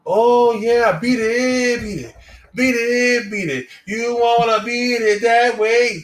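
A man's voice: very high voice, fairly even intonation, takes it slowly, a bit bright, roomy sound, recorded from a distance, voice pushed up, heavily acted. A man voicing a cheerful male desert traveler with a put-on Indian accent, sing-song and repetitive.

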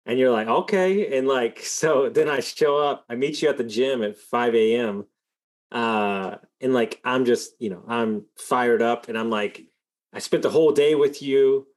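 A man's voice: medium pitch, unhurried. A podcast host, a man with an average mid-range voice, tells a long personal story to his guest. He rambles, leaning heavily on filler words as he goes. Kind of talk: conversational storytelling.

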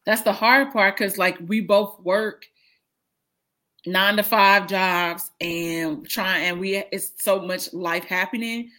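A woman in her thirties chatting casually over a video call, blunt, profane and animated, often laughing. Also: medium pitch, slow pace. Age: 30s. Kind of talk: casual chat.

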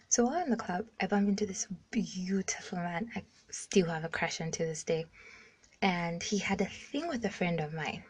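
On a phone voice message, a woman in her twenties from Zambia shares a frank personal story in a voice that is on the low side and a little mellow. She's casual and blunt, curses freely, and fills her speech with "like."

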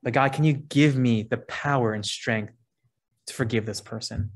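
A man's voice: medium pitch, moderate pace. A man preaching a sermon, earnest and conversational, reading scripture verses aloud between his points. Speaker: pastor.

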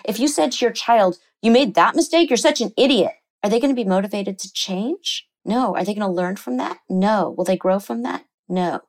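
A woman psychotherapist talking in an interview, animated and explaining ideas, often slipping into quoted voices. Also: mid-range voice, moderate pace, hardly any pauses. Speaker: psychotherapist guest. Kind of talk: conversational interview.

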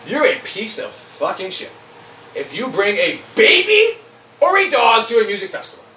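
Podcast host, male, high bright voice, blunt profane ranting, roomy distant sound. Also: wildly swooping pitch, normal speed. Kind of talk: casual ranting chat. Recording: roomy, distant mic, faint noise.

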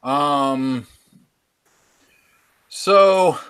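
A man's voice: fairly high pitch, drawn-out words, a bit bright, clear, resonant tone. A man playing a tabletop roleplaying game, describing his character in a hesitant way with many fillers. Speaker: player. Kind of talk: casual tabletop play.

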